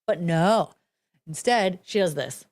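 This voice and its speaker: A woman's voice: lowish voice, takes it slowly, a little mellow. Blunt, profane woman host mocking clips. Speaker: podcast host. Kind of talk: casual commentary on video clips.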